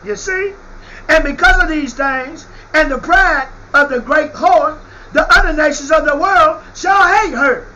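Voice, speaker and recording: A man preaching a fiery sermon. He shouts out scripture and drops into slangy asides. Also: very high-pitched, unhurried, slight background noise, rough recording.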